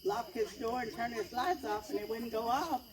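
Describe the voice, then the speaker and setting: A woman telling a story to an outdoor audience in a rambling, animated way, acting out hollers. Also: fairly high pitch, moderate pace, rough recording. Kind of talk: casual spoken storytelling to an audience. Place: outdoor evening gathering. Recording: outdoor event with crowd noise. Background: audience chatter and crickets.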